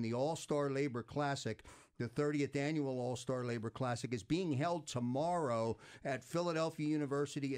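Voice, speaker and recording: A man co-hosting a talk radio show, reading sponsor messages and event announcements in a brisk, upbeat way. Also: medium pitch, darkish tone. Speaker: radio co-host.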